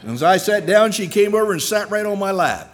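A man's voice: lively intonation, a little fast. Earnest male pastor preaching. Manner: earnest preaching, with rises in pitch and loudness for emphasis; acts out quoted speakers while telling stories. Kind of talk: sermon.

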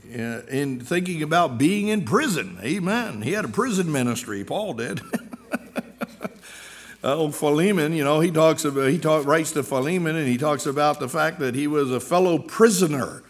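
A man's voice: expressive, moderate pace. A middle-aged male pastor preaching a sermon with earnest emphasis, telling personal stories and reading scripture. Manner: earnest preaching, with rises in pitch and loudness for emphasis; acts out quoted speakers while telling stories.

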